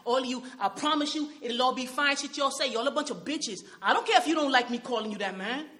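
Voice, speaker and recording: A woman's voice: sits high, fast talker, a bit bright. A woman playing a tough young Nuyorican man. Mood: bitter. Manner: tough, confrontational street talk mixed with Spanish. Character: streetwise young Puerto Rican man from Brooklyn, hardened and bitter. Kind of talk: dramatic monologue.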